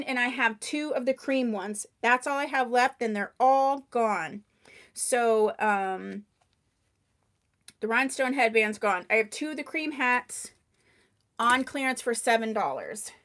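High-voiced woman gushing on a live sale. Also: a little slow. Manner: chatty, gushing over products, answering viewers by name; tends to talk loudly. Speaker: wig seller hosting a live sale. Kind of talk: live-stream sales chat. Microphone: microphone.

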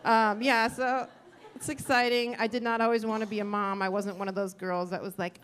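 A woman's voice: medium pitch, little pitch movement, brisk, a bit bright. A middle-aged woman doing a stand-up comedy set on a club stage, rambling and self-deprecating, acting out quotes. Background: audience laughter.

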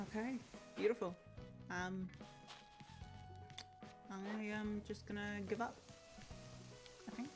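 A young Scottish woman streaming a cozy game, gushing and excitable, often trailing off into fillers. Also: mid-range voice, low-quality recording. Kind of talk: casual gaming livestream chat. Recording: game music playing underneath.

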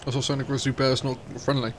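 A man's voice: mid-range voice, little pitch movement, fast talker, heavy background noise. A man streaming a game live, bickering with a friend and swearing freely. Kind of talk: live gameplay stream chat.

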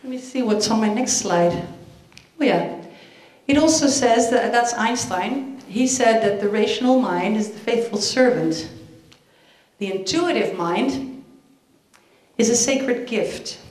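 Female teacher-speaker, lively storyteller, slightly high voice, roomy conference hall. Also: unhurried. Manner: lively, acts out jokes with voices. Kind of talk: storytelling talk.

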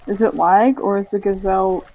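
A woman's voice: mid-range voice, fairly even intonation, normal speed, dark tone, a little hiss or hum, rough recording. A young woman chatting casually while gaming, sounding puzzled and mildly stern. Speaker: gamer.

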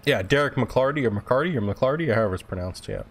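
A young gaming streamer talks in a lowish, gravelly voice, firing off words rapidly and with lots of energy. He swears freely and answers his chat while playing, keeping the live-stream banter loose and casual.

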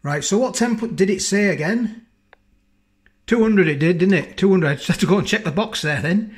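Casual food vlogger, male, slightly high voice, rambling and homely, loves a tag question. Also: lively intonation, moderate pace. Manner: chatty, rambling, keeps asking tag questions. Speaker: food reviewer. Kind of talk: casual food review vlog. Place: home kitchen, indoors.

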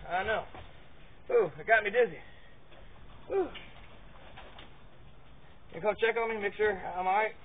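A man giving rambling, casual commentary as he handles dogs in a pen outdoors, repeating words and grunting with effort. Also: high-pitched. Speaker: vlogger showing dog handling. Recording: tinny phone-like audio, faint noise.

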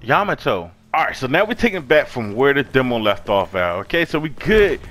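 A man's voice: medium pitch, big pitch swings, a little fast, a bit bright, slight background noise. A man streaming a game he is playing for the first time, giving profane, hyped commentary and repeating his words. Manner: trash-talking, hyped, repeats phrases. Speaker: gaming streamer. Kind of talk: profane let's-play commentary. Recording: game music underneath.

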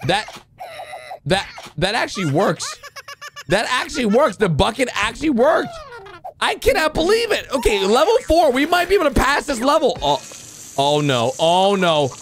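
Excitable man yelling reaction commentary. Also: very high-pitched, normal speed, crowd noise. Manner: animated, swings between yelling and muttering. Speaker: gaming commentator reacting to animations.

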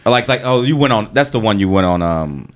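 A young man with a low voice hosts a comedy podcast. He talks in a laid-back, blunt way and swears freely. The talk is casual and unhurried. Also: expressive. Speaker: podcast host.

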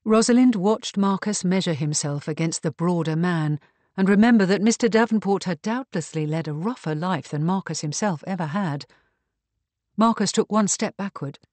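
A woman narrating a historical mystery audiobook in an even, measured reading. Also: fairly low pitch, dry recording. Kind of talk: scripted narration.

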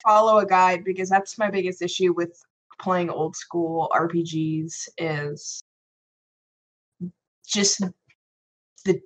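Woman guest, voice actress, sassy and playful, slightly low pitch, casual chat. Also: fairly even intonation, slow pace, pauses often, poor audio.

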